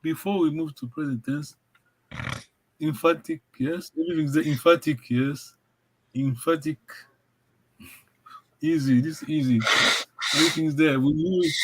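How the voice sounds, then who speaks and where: A man's voice: a little high, slight background noise, rough recording. A man teaching a language over a video call, encouraging and repetitive, often laughing. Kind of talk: online language lesson.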